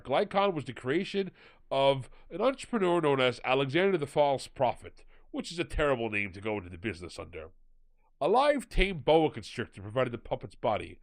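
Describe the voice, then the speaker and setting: A pompous older author holds forth in a mock-grand reading voice, as a man puts him on. The voice swoops widely up and down in pitch, and it sits at an ordinary middle height for a man. It is a comic impression read aloud. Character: pompous older English author, male, dry.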